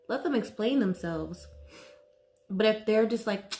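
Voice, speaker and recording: A woman vlogger talking to camera about mental health, nervous and slow, halting often and saying "like" a lot. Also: mid-range voice, darkish tone. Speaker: wellness vlogger. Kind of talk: casual talk to camera.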